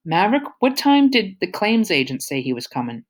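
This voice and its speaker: A woman's voice: fairly low pitch, very animated, a little fast, voice pushed up. A woman voicing an affectionate, scolding middle-aged mother in an audiobook reading.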